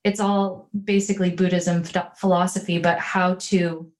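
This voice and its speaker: A woman's voice: on the low side, little pitch movement, moderate pace. Reflective woman hosting a podcast. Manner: reflective, gently probing, with fillers like "um". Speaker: podcast host. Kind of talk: conversational interview.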